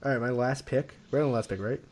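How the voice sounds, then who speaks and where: A man co-hosting a podcast, joking loudly and crudely with a friend in casual banter, often trailing off mid-thought. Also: mid-range voice, fast talker.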